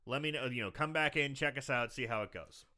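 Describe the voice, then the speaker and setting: A man's voice: medium pitch, brisk, sharp tone, clear, resonant tone, lightly acted. A man voicing a laid-back male doctor while retelling a film, in a casual, offhand way. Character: easygoing male movie doctor.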